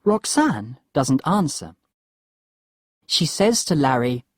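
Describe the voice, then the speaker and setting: A woman narrating a simple story slowly and deliberately for English learners. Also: rumbling low, very animated, darkish tone, no echo, studio quality. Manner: slow, clear and deliberate.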